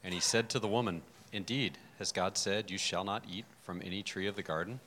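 A man from the class reading a scripture passage aloud in a steady, even way. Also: low-pitched, fairly quick, a little hiss or hum, low-quality recording.

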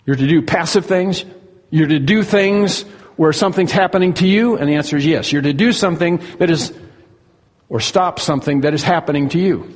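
A man preaching an earnest expository sermon, slowing down to stress key words. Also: on the high side, big-room sound.

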